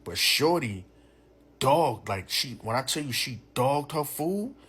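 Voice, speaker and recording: A young man, telling a profane, animated personal story in a casual way. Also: mid-range voice, slow, husky. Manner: animated, profane, full of "you know what I'm saying".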